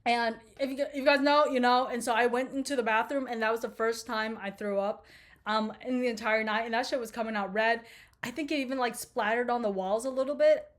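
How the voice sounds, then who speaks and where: Young woman, twenties, quick rambling profane storytime vlogger, a bit high-pitched. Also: fairly even intonation. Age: 20s. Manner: rambling, profane, laughing asides. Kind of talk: casual storytime chat.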